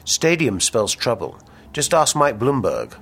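A man's voice: medium pitch, huge pitch swings, measured pace, creaky, fairly bright tone, husky, pitched above the performer's own voice, exaggerated voice. A man voicing a brash, ambitious businessman with big schemes, reading the dialogue aloud in a pushy salesman's patter. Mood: grandiose. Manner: salesman patter, insistent and grandiose.

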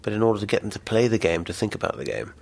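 Low-voiced hesitant male author. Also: sing-song, racing, creaky, a little mellow. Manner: hesitant and thoughtful, with many fillers when answering. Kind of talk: reading his novel, then interview answers.

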